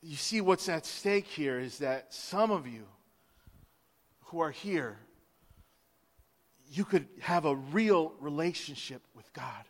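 Male pastor, high-pitched, impassioned sermon delivery, long hall reverb. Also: animated, slow, pauses often. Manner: impassioned, swings from hushed to loud, acts out quotes. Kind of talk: Easter sermon.

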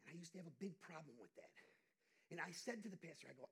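A male pastor preaching an impassioned sermon, dropping to hushed asides and rising to loud outbursts. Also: fairly high pitch, very fast, husky.

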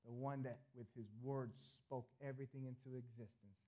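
A middle-aged man preaching a sermon as pastor, earnest, repeating phrases, swinging between loud appeals and soft asides. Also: medium pitch, level tone, brisk.

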